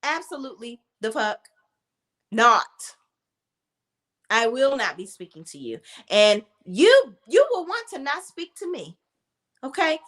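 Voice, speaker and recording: Brief: emphatic, profane woman commentator, high, animated voice. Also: a little slow, pauses often. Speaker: reality TV commentator. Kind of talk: casual commentary.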